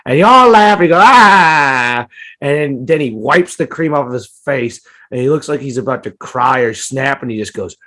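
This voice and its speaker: Homem falando palavrões num bate-papo cômico. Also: male voice, a little fast, few pauses, fairly bright tone. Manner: profane, ranting, jumps into high mocking voices. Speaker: podcast co-host. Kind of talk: casual comedic chat.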